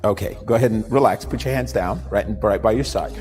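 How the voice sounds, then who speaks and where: A man's voice: fairly low pitch, fast talker, long reverb tail, faint music behind. A male radio host telling a story and running a live demonstration with a guest, acting out the voices of his characters. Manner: animated storyteller, acts out voices. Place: radio studio.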